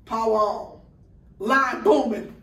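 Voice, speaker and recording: A woman's voice: a little high, slow pace, a bit bright, far from the mic. A woman guest on a podcast, telling a story in casual chat and acting out the dialogue with quoted voices. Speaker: guest, food truck owner. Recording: roomy sound from off-mic.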